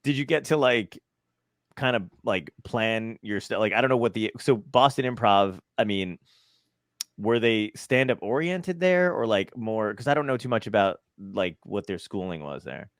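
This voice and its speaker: A man's voice: fairly low pitch, lively intonation, moderate pace, dry recording, studio quality. Laughing, swearing man hosting a podcast. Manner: rambling, laughing, swears often. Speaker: podcast host. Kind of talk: casual chat.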